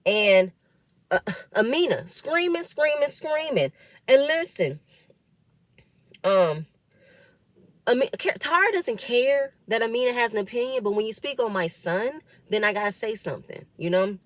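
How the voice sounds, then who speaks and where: A woman's voice: fairly high pitch, expressive, normal speed, no room sound. A woman in casual recap chat about a reality show episode she was part of, talking emphatically and repeating words for stress.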